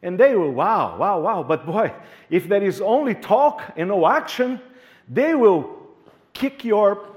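A male pastor preaching a sermon in an animated way, repeating words and joking with the congregation. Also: high-pitched, a little slow.

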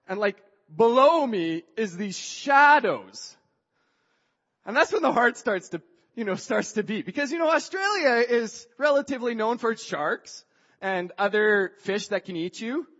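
A man telling a personal story with a moral in a chatty, animated way, acting out what people said and often filling pauses with "like". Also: high voice, long reverb tail, dull audio. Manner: chatty, acts out quoted dialogue, frequent "like" fillers.

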